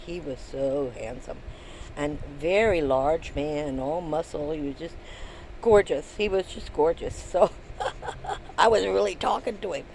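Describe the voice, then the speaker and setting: A woman's voice: low voice, unhurried, a little mellow, low-quality recording. Chatty older woman with faint noise. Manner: chatty, rambling, many ums and restarts. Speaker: vlogger. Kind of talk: casual storytelling to camera. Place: in a van.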